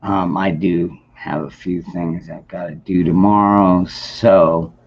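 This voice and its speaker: A man's voice: sits low, fairly even intonation, takes it slowly. A man hosting a casual late-night livestream, rambling in a laid-back way and greeting chat viewers by name. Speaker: livestream host. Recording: dull lo-fi stream audio.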